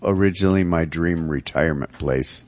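Low-voiced, laid-back man in banter. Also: normal speed, darkish tone. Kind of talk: casual talk show banter.

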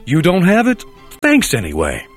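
A prim, stuck-up young man who talks in stiff, overly proper phrases. His pitch rises and falls a great deal, as a man acts him, with music playing faintly behind. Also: huge pitch swings, moderate pace. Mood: polite. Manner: stiff, overly polite, then repeating slang.

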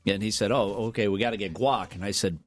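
A man hosting a morning radio show, chatting and telling stories in a playful, animated way. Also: lowish voice, quick pace, no echo, soft background music. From American Midwest. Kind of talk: casual morning radio banter.

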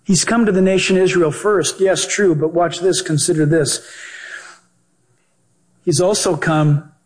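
A male pastor and Bible teacher preaching a sermon in an animated, joking way, acting out the voices he quotes. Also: sits high, measured pace.

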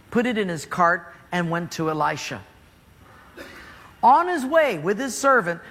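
A man preaching a sermon, retelling a story in a joking, animated way, in a church hall. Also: sits high.

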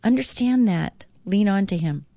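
A woman hosting a devotional radio talk show, speaking earnestly and slowly reading passages. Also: mid-range voice, lively intonation, warm tone, no echo.

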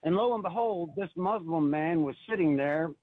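Husky-voiced man calling in by phone. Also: on the high side, normal speed, no echo. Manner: earnest, emotional, repeats himself. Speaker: caller. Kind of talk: call-in radio testimony. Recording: tinny phone line.

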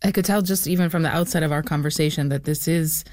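A woman interviewing a guest, asking gentle, attentive questions. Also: sits low, fairly even intonation, fast, no echo, studio quality. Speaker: radio interviewer.

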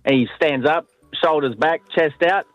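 An Australian man calls in to a radio show, his voice a little higher than most men's. He chats with the hosts and tells a joke, acting out the voices. The sound is dry and close, with no room in it. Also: moderate pace, no echo, highs cut off, soft background music. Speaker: radio caller. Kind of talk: telling a joke on the phone.

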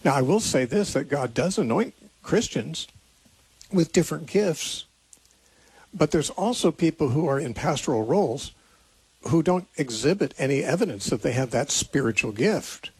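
A man's voice: fairly high pitch, lively intonation, moderate pace, darkish tone, breathy edge, dry recording. A man hosting a call-in radio show, answering listeners' Bible questions in an earnest, thinking-aloud way with frequent restarts. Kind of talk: unscripted call-in radio teaching.

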